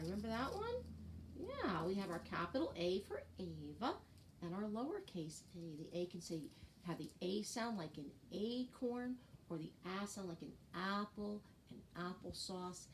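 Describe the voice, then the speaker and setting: A woman's voice: on the low side, expressive, measured pace, slight background noise. A woman teaching preschool children the alphabet, chanting letter sounds in a sing-song voice and asking them questions.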